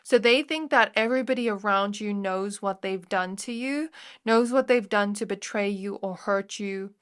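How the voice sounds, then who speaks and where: Woman tarot reader with a mid-pitched voice, chatty and casual, talking straight to camera. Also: normal speed, fairly bright tone, clean tone. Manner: chatty, filler-heavy, speaks straight to the viewer. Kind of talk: casual pick-a-card tarot reading.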